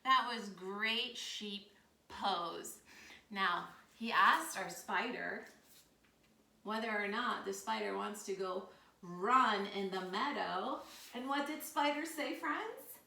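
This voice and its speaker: A woman's voice: medium pitch, slow pace, vocal fry, sharp tone. A woman leading children through a storytime yoga class, cheerful and encouraging as she coaches each pose. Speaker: kids yoga teacher. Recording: roomy sound from a distant mic.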